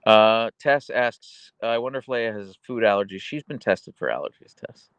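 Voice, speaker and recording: A man hosting a casual livestream, reading viewer comments aloud and chatting about his dogs, slipping into a high cooing voice for his pet. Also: expressive, normal speed, a bit bright, clean tone, dry recording, highs cut off. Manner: goes high and cooing when talking to his dog. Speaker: livestream host.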